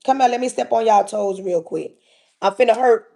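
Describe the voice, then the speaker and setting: A woman's voice: fairly high pitch, moderate pace, vocal fry, warm tone. A woman hosting a livestream, giving an emphatic, preachy motivational talk and calling out straight to her listeners. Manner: emphatic, repetitive, calls out to listeners directly. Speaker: livestream host.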